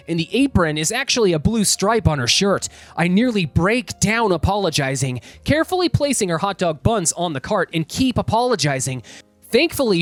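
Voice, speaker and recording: A man's voice: high-pitched, no room sound. A man reading online stories aloud as the show's host, adding his own comments between them. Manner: lively, expressive reading. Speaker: story reader and host. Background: faint background music.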